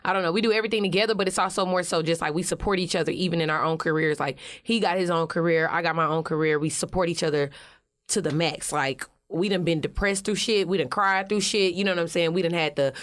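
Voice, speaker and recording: A woman with an Atlanta accent, an interview guest telling stories in animated, profane, slangy casual talk. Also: lowish voice, quick pace. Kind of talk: casual storytelling.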